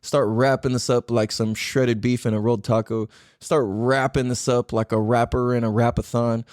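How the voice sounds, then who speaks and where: A man hosting a podcast, ranting casually with a profane, rambling, animated delivery. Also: medium pitch, no room sound, clean studio sound. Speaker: podcast host.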